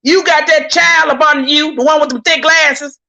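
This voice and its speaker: A woman's voice: high voice, steady tone, normal speed, creaky, bright, forceful tone, muffled recording. A woman giving heated live-stream commentary, indignant and preachy, repeating her points, stammering when worked up and calling out to viewers. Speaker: YouTube commentator.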